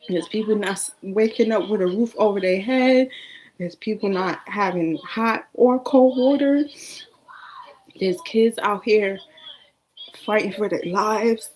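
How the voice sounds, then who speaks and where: A young woman talks straight to camera in a personal vlog. Her pitch sits in the middle, and her delivery is earnest and casual. She repeats phrases and now and then drops to a whisper. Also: unhurried, darkish tone, slight background noise, rough recording. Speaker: vlogger. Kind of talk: emotional personal vlog monologue.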